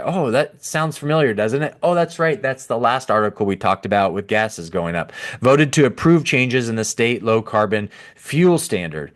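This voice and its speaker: A man hosting a podcast, reading from an article and breaking off into sarcastic, animated commentary with mock voices and laughter. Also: on the low side. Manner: sarcastic, animated, laughs at his own jokes. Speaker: podcast host. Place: at a computer.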